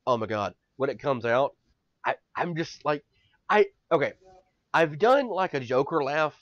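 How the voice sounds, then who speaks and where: A man co-hosting a casual podcast chat, excitable and rambling, swearing often and swinging between quiet and loud. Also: on the high side, a little slow, dry recording. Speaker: podcast co-host. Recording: dull lo-fi podcast mic.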